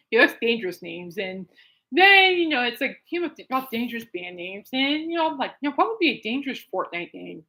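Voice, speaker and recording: A woman's voice: mid-range voice, bright, forceful tone, low-quality recording. A woman hosting her own podcast, rambling casually through a story with frequent laughs and restarts. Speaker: podcast host. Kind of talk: casual solo podcast chat. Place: at home.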